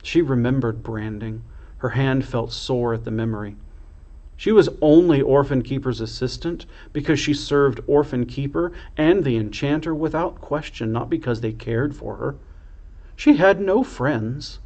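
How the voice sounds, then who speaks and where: A man, a priest, reading a children's storybook aloud in a slow, expressive way. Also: mid-range voice, dull audio.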